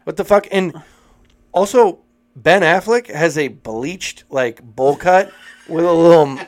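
A man co-hosting a podcast in casual chat, animated and swearing, slipping into mocking voices. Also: on the high side, slow. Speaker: podcast co-host.

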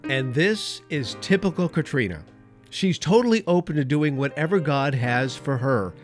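Man, talk show host, earnest preacherly tone, slightly high voice, soft guitar behind. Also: expressive, moderate pace. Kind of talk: Christian talk show hosting.

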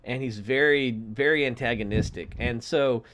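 Animated man telling a story. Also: mid-range voice, moderate pace, noisy background. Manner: animated storyteller, acts out characters' lines. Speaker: podcast co-host. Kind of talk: casual storytelling chat.

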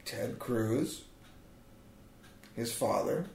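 A man trading sarcastic, mock-conspiratorial jokes on a comedy podcast. His gravelly voice leaps up and down in pitch. The recording carries a roomy echo. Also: lively intonation, extremely slow, darkish tone, slight background noise. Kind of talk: joking conversational banter.

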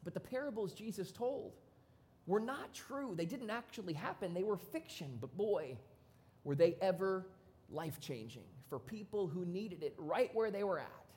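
A pastor preaching a sermon in a church, casual and conversational, with sudden loud bursts. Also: medium pitch, lively intonation, moderate pace.

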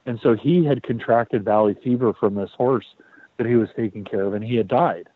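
A man's voice: medium pitch, fairly quick, husky, no room sound. Chatty man on a tinny line. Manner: animated, repeats words, swears. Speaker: podcast host. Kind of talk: casual storytelling. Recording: tinny phone-like dry sound.

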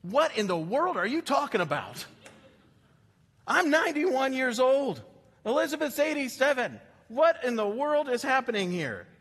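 A very old man sputtering in disbelief, as a preacher puts him on. The voice climbs high and loud, with an exasperated edge. It rings with the long reverb of a big hall. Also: very animated, normal speed, breathy edge, heavily acted. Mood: incredulous. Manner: exasperated, incredulous outburst.

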